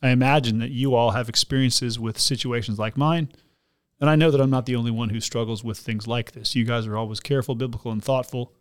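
Mid-pitched man, a pastor hosting a podcast, reads a listener's letter aloud and then talks the question through in a considered, explanatory way. His voice sits in an ordinary middle register, and he often restarts his sentences as he thinks. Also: fairly even intonation, fairly quick, clear, resonant tone.

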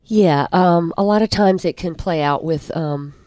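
A woman's voice: on the low side, darkish tone, no room sound. Thoughtful woman counselor, dry sound. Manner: thoughtful, many pauses and fillers. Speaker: guest counselor. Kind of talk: reflective advice in a podcast interview.

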